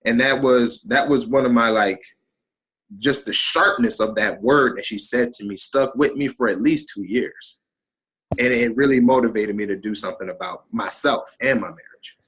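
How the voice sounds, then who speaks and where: A middle-aged man, a guest on an interview podcast, telling a personal story in an animated way and acting out the people in it. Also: mid-range voice, moderate pace, breathy edge, rough recording.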